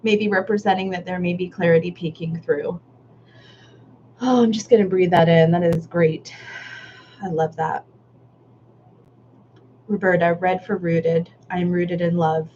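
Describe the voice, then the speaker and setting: A woman with a lowish, steady voice speaks at a measured pace and pauses often while facilitating a live online art workshop and reading chat comments. She's warm and affirming, casual with a Southern "y'all," laughs a lot, and is candid enough to swear now and then. The live-stream audio is slightly dull with faint noise.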